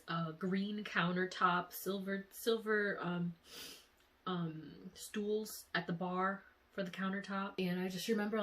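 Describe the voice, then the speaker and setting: Chatty young woman telling a dream. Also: on the low side. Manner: tearful and breathy, with sighs and quiet laughs; chatty, full of "like" fillers. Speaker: vlogger. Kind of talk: emotional dream diary vlog.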